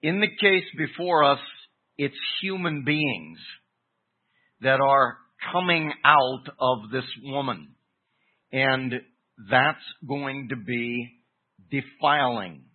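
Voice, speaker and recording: A man preaching an expository sermon, teaching deliberately with emphatic pauses. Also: mid-range voice, husky. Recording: tinny phone-like recording.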